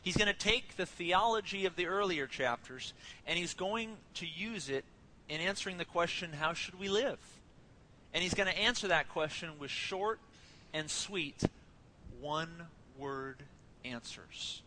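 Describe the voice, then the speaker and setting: A man's voice: a little high, a little slow, pushed and bright, a little hiss or hum, rough recording. A man in his thirties preaching a sermon as a pastor, conversational and joking, telling family stories.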